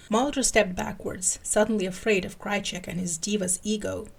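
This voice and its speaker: A woman's voice: mid-range voice, moderate pace, creaky, slightly rough. A woman podcast host giving a playful dramatic reading of fan fiction.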